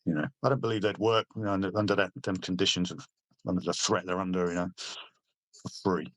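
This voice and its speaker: Man, middle-aged, from Britain, low voice, dry sound, blunt, sweary, halting. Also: level tone, fairly bright tone, no echo. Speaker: army veteran guest. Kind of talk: casual interview storytelling.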